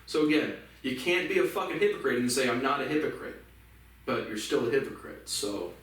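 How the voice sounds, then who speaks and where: A man's voice: mid-range voice, very animated, fairly quick. Angry ranting man, echoey distant mic. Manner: profane, angry, scornful. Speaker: solo vlogger. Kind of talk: ranting monologue. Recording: very echoey room, mic far off.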